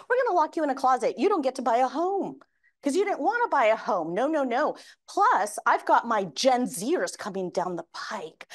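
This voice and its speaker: A woman giving a lively conference keynote, speaking energetically to the room and getting the audience to raise their hands. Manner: acts out quoted voices with big pitch swings.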